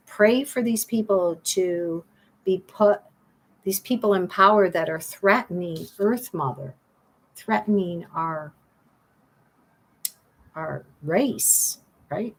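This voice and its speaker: Slow, low-voiced middle-aged woman, earnest card reader pleading with viewers, faint hiss behind. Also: low-quality recording. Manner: earnest, pleading, repeats phrases. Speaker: channeler giving card readings. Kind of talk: spiritual card reading, talking to viewers.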